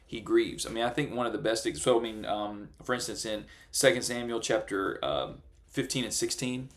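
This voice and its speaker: Male pastor, gravelly low edge, earnest sermon delivery with animated asides. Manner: earnest, animated preaching with mock voices.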